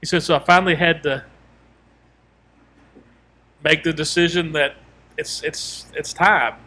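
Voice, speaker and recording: A man's voice: on the high side, flat delivery, unhurried, sharp tone. A man co-hosting a podcast, telling a long story in casual chat and rambling through quoted asides and restarts. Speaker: podcast co-host.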